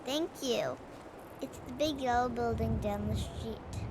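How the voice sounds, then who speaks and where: A woman voicing a worried little girl in a video game, with a soft, childlike, pleading voice. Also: on the high side, measured pace. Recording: noisy game audio.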